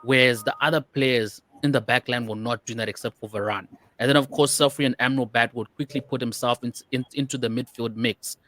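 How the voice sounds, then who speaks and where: A man's voice: mid-range voice, steady tone, fairly quick, a bit bright, no echo. A man co-hosting a football podcast in casual chat, rambling with lots of "you know" and restarts. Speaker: podcast co-host.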